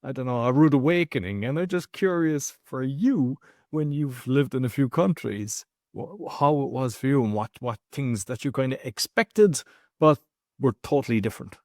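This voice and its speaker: A man's voice: medium pitch, expressive, normal speed, a little mellow, no echo, studio quality. An Irish man hosting a podcast interview, talking informally with rambling asides. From Ireland. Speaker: podcast host.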